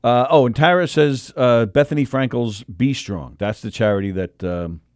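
A man's voice: mid-range voice, normal speed, a little mellow, no echo, studio quality. A man co-hosting a comedy radio show, telling a rambling story in casual banter with lots of restarts. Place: radio studio.

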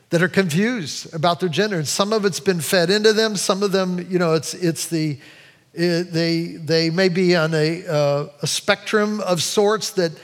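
A man's voice: high-pitched, fairly bright tone, long reverb tail. A middle-aged male pastor preaching a sermon, telling stories in a rambling way and often restarting his sentences. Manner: rambling, self-interrupting storyteller.

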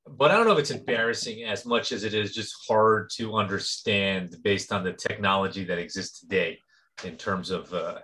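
Deadpan male podcast host. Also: fairly low pitch. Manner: deadpan, crude. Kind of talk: casual comedy banter.

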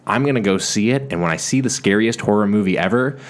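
A man's voice: on the low side, fast. A young man co-hosting a casual podcast chat, telling stories animatedly, swearing often and acting out the voices in them. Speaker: podcast co-host.

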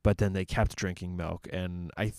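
A man from a church ministry talks through faith topics in a relaxed, thinking-aloud way, pausing on fillers and restarting his sentences. His voice sits fairly low. The sound is dry and close, with no room echo. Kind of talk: casual faith discussion.

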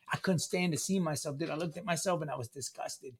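A man's voice: on the high side, fairly even intonation, quick pace, hardly any pauses, darkish tone, breathy edge. A middle-aged man casually telling a long personal story, profane and emphatic, looping back with restarts and fillers. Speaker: guest sharing his recovery story.

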